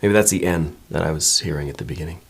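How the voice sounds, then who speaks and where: A man giving a tarot reading to his viewers, musing and meandering as he goes, hedging often and checking in with a soft "right?". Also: a bass voice, quick pace, breathy edge. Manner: musing and meandering, many hedges and repeated "right?". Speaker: tarot reader.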